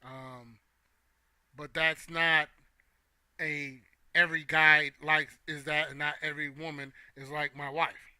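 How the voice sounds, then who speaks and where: A man's voice: fairly high pitch, flat delivery, takes it slowly, bright, forceful tone, clear, resonant tone, dry recording. A young man hosting a casual opinion talk, playful and joking with his chat. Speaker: host.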